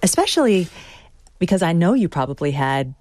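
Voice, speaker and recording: Woman interviewer, low voice, measured and reflective, dry studio sound. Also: very animated, darkish tone, no echo. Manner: measured, thoughtful questioning. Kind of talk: interview questions.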